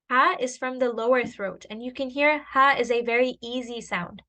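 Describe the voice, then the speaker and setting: A woman's voice: a little high, fairly even intonation, moderate pace, few pauses, bright, forceful tone. A woman teaching a tajweed lesson, patiently explaining and sounding out letters one by one. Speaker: Quran recitation teacher.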